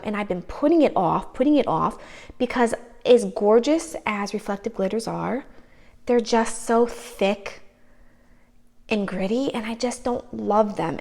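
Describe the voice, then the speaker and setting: Chatty nail vlogger lady, bit of vocal fry, gushes and restarts a lot. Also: mid-range voice. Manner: chatty, gushing, trails off and restarts. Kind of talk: casual show-and-tell vlog.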